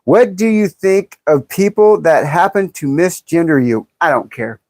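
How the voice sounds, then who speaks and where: A woman's voice: lowish voice, lively intonation, a little slow, warm tone, no echo. A woman in her fifties chatting bluntly and jokingly on a livestream, reading viewer comments aloud and laughing often. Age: 50s. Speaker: livestream host. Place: in California.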